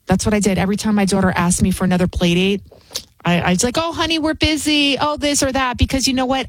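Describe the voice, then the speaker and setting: A woman's voice: medium pitch, dry recording. A woman, hosting an opinionated commentary show in an indignant, repetitive rant.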